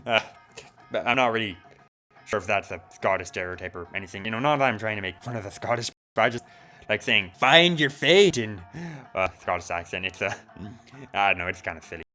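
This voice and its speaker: A man's voice: lowish voice, fast, long pauses, bright, forceful tone, soft background music. A man streaming a video game, chatting casually and reading the text aloud. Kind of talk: let's play commentary.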